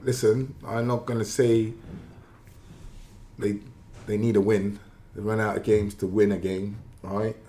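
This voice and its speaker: Matey, emphatic deep-voiced male pundit. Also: level tone, a little slow, mellow. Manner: matey, emphatic, laughs easily. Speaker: former footballer, pundit. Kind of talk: casual football punditry.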